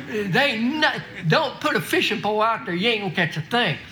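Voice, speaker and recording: A man's voice: high voice, big pitch swings, moderate pace, echoey room, background noise. A man preaching a sermon, emphatic and folksy, reading scripture aloud with frequent restarts.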